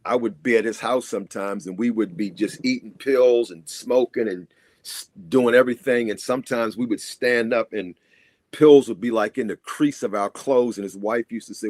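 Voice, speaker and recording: A man's voice: medium pitch, moderate pace, a little mellow, no echo. An older man, a guest, telling his personal recovery story in an earnest, reflective way.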